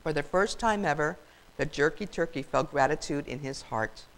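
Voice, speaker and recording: An older woman reading a children's story aloud as a grandmotherly storyteller, in a warm, expressive way. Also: low-pitched, normal speed, low-quality recording.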